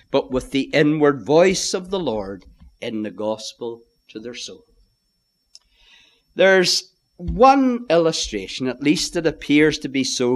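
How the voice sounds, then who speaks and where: Emphatic male preacher with a lively voice. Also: a little high. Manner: emphatic, rising and falling with hushed asides. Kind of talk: sermon.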